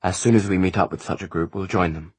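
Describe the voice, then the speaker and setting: A gracious young noblewoman, as a deep-voiced man reads her, courteous and polite in every line. The husky voice sits close and dry. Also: fast, darkish tone, no room sound.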